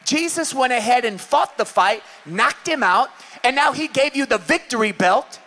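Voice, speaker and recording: A male pastor with a Californian accent, preaching an impassioned sermon, often shouting and acting out little scenes. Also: very high voice, expressive, normal speed. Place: church service.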